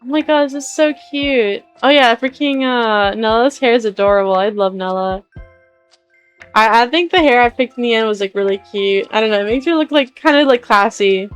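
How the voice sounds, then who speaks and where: A woman's voice: fairly high pitch, moderate pace, clear, resonant tone. Chatty woman streamer, faint music. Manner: chatty, giggly, lots of "like" and "freaking". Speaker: game streamer. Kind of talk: casual gameplay commentary.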